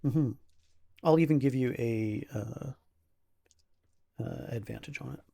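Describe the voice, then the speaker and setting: A man narrating as game master of a tabletop game, halting and full of fillers. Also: medium pitch, vocal fry, mellow, slightly rough. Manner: halting, with many fillers and restarts.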